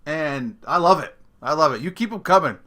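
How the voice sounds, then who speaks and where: Brief: middle-aged male podcast host, bright bouncy voice, sarcastic, laughs a lot mid-rant. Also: fairly high pitch, lively intonation, a little fast. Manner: laughs often between sentences; sarcastic, mocking tone. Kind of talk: comedic solo rant.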